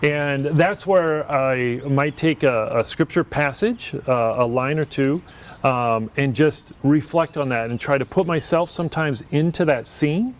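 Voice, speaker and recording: A man's voice: fairly high pitch, a little slow. A man who is a priest, talking in an earnest, reflective way in a casual conversation and often restarting his sentences.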